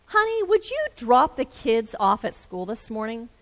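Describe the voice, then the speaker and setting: A woman's voice: on the high side, very animated, unhurried, long reverb tail. A woman voicing a busy mother who hurriedly asks her husband for a favor, in a told story.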